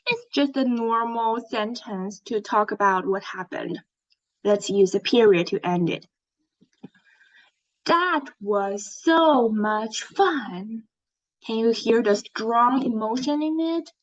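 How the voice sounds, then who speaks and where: A woman teaching an English lesson, speaking slowly, clearly and encouragingly, as if to young learners. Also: on the high side, lively intonation. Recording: dull lo-fi sound.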